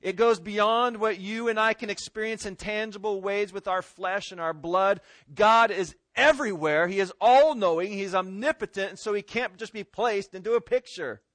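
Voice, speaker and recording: A pastor preaching a sermon and reading scripture, swinging between loud emphatic stress and hushed pleading. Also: male voice, high-pitched, moderate pace, few pauses, dry recording.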